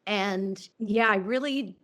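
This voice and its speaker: A middle-aged woman, an interview guest telling a personal story, earnest and emotional, halting and restarting often. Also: mid-range voice, fairly bright tone. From New Orleans.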